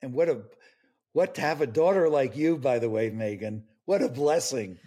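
A man's voice: mid-range voice, moderate pace, warm tone, husky. An older man, a grief expert guest, speaking earnestly and tearfully in an interview. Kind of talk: emotional interview conversation.

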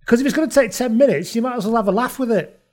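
A man's voice: extremely high pitch, rapid-fire, darkish tone. A British man co-hosting a casual chat, telling sporting anecdotes with swearing and plenty of laughter. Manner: storytelling, swearing, laughing often. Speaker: podcast co-host.

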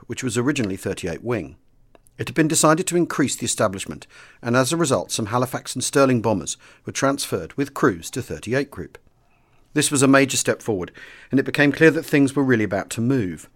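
A male audiobook reader carrying a first-person wartime memoir in a steady, formal and measured way. His pitch sits in the ordinary middle range for a man. He delivers the story as polished scripted narration.

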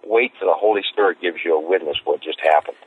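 A man telling stories as an interview guest, rambling and repeating himself as he gets excited. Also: low voice, fast. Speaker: street evangelist guest. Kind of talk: casual interview storytelling. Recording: tinny phone line.

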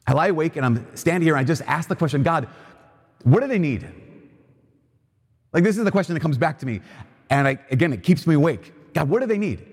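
A man's voice: fairly high pitch, slightly rough. Earnest man preaching in a reverberant cathedral. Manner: earnest, conversational, repeats phrases. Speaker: priest. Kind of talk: homily at Mass. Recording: long reverb of a large church.

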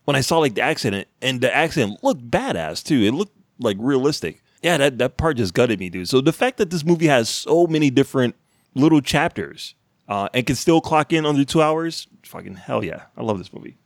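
A man with a mid-pitched voice talks animatedly in casual chat, quick to swear and gush. His voice sounds dry and close, with no room echo. He has the easy energy of a podcast co-host. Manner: enthusiastic, animated, swears freely.

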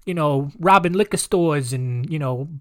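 A man putting on a group of wary teenage gang members with an exaggerated New York accent, hammy and gruff. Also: on the high side, normal speed, no room sound, studio quality, natural voice. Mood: pleading. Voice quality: hammy, gruff street talk.

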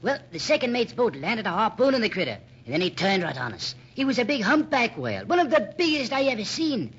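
A man's voice: sits high, wildly swooping pitch, a little fast, a bit bright, a little hiss or hum, full character voice. An actor playing an old one-legged whaling sailor who talks in salty seaman's slang in a radio drama, from a dull old radio recording. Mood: spinning yarns. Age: older. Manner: salty sailor's talk, dropped grammar.

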